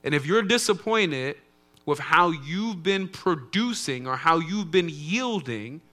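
A male pastor delivers a sermon in a conversational, preaching style. His voice is bright and forceful, sitting a little high for a man. He moves between soft, low asides and loud, emphatic lines. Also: expressive, normal speed.

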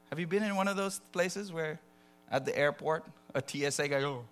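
A man preaching a sermon, animated and conversational, dropping to soft asides and rising to loud acted quotes. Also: fairly high pitch, quick pace.

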